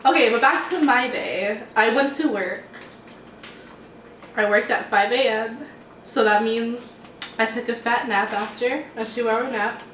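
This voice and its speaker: A woman's voice: on the high side, measured pace, fairly bright tone, a little hiss or hum. Chatty young woman, roomy and distant. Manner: chatty, rambling, laid-back. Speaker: mukbang host. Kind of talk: casual chat while eating. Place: home, eating at a table. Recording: roomy room sound from a distant mic.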